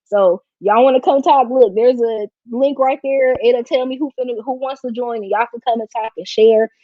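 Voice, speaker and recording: A woman's voice: fairly high pitch, fairly even intonation, normal speed, dry recording. A woman hosting a casual live stream, talking in a heartfelt, slangy way while close to tears. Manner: emotional and heartfelt, slangy and informal. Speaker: livestream host. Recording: dry, slightly dull lo-fi stream audio.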